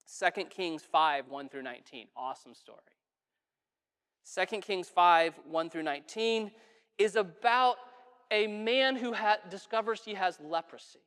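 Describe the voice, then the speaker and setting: A pastor delivers a sermon in a casual, conversational manner, putting questions to the congregation and dropping in asides. The voice sits at a middle pitch, and a long reverb trails off the sanctuary walls. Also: unhurried, a bit bright, clear, resonant tone. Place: church sanctuary.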